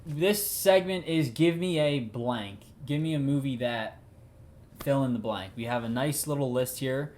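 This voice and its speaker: Animated young man in casual chat. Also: medium pitch. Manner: animated, quick restarts and repeated words. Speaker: podcast co-host.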